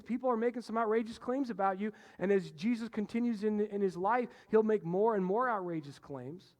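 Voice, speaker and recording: A man delivering a sermon from a church stage, his fairly high voice carrying long reverberation around the sanctuary. He drives points home with loud bursts, then drops to a hushed low tone to draw listeners in. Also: fairly quick, few pauses. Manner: animated, swings between loud emphasis and hushed low passages. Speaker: pastor.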